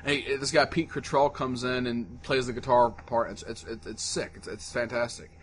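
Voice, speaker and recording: A man co-hosting a podcast in casual chat, an animated storyteller who laughs often. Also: medium pitch, moderate pace, a little hiss or hum. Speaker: podcast co-host.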